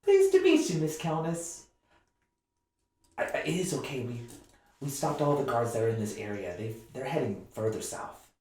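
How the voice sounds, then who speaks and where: A man's voice: mid-range voice, big pitch swings, moderate pace, warm tone, far from the mic, voice pushed up, lightly acted. A man voicing a tiny, cheerful teenage female half-orc who talks in an eager, friendly way. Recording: echoey room.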